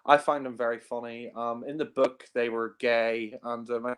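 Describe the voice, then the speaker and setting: A man of average pitch talks loosely about movies over a group call. He rambles, fills gaps with ums and you-knows, and chuckles often at his own points. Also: level tone, moderate pace, clear, resonant tone. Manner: rambling, heavy on fillers, laughs often. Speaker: film reviewer. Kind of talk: casual film discussion.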